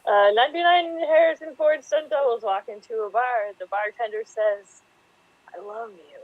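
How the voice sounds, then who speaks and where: A woman's voice: fairly high pitch, normal speed, no room sound. A woman telling short jokes in a dry, understated way over a call. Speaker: improv player. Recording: tinny phone-like line.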